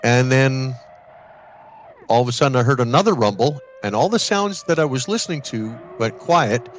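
A man's voice: medium pitch, moderate pace, slight background noise. Man telling a spooky tale casually. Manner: lively storytelling, acts out quoted voices; restarts and repeats words when excited. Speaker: podcast co-host. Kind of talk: casual spoken ghost story.

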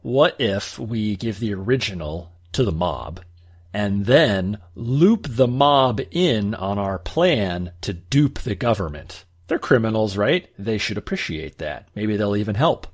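Male player, unhurried low-key delivery, lower register. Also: big pitch swings, husky. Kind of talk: playing a tabletop game in character.

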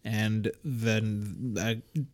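A young man co-hosting a podcast, chatting casually and throwing in quick quips. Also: on the low side, fairly even intonation. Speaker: podcast co-host.

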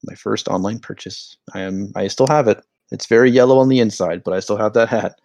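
A young man with a low, gravelly voice hosts a casual podcast, recorded close and dry. He talks in an animated, joking way and drifts into rambling stories. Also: brisk, no echo. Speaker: podcast host. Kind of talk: casual hockey podcast banter.

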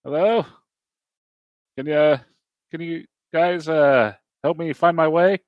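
A frightened young man lost in a dream, calling out in a hesitant, pleading voice that sits higher than usual, as a game master puts him on. The sound is dry and dull, with little room around it. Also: slow, no room sound.

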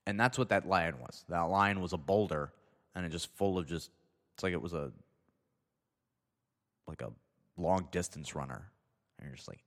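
A young man with a low, brisk voice tells a rambling, profane comedic anecdote, often breaking off mid-sentence. The recording carries a long reverb.

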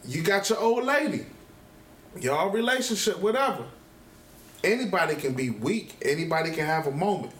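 A man co-hosting a casual podcast chat, telling points with animated laughter. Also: sits high, moderate pace, roomy sound. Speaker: podcast co-host.

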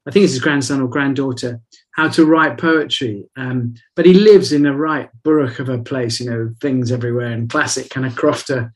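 A man's voice: mid-range voice, normal speed. A man in casual conversation, telling rambling, reflective stories. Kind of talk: casual chat.

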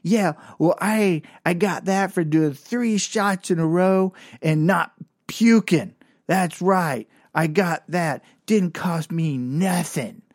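A man's voice: high voice, a little mellow, dry recording, studio quality, voice pushed up, heavily acted. A man voicing a drunk, boastful woman office worker who slurs her words. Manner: slurred, drawn-out, boastful.

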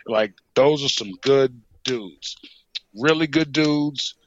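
A man, a pro wrestler, telling an animated story in an interview and often saying "you know what I'm saying". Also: medium pitch, takes it slowly, dull audio, slight background noise.

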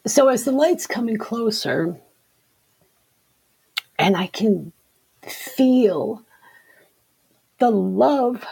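A woman giving an earnest personal account as an interview guest. She talks haltingly and often repeats her words. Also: a little high, creaky, dark tone, husky, rough recording. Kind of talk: personal testimony in conversation.

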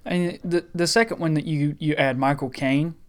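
A man's voice: on the high side, steady tone, moderate pace. A man chatting casually on a podcast, enthusiastic and rambling with frequent restarts. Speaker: podcast co-host.

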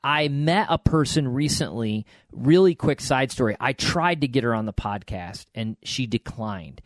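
Man, middle-aged, podcast co-host, storytelling, encouraging, mid-pitched voice, dry recording. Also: expressive, a little slow, no room sound. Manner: storytelling, encouraging, frequent restarts. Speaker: podcast co-host giving advice. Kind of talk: casual podcast talk.

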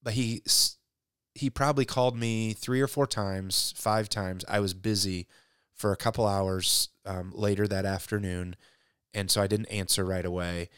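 A man talking about faith in a casual conversation, reflective and halting, often restarting his sentences. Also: fairly low pitch, steady tone, fairly bright tone, clean tone, dry recording, studio quality.

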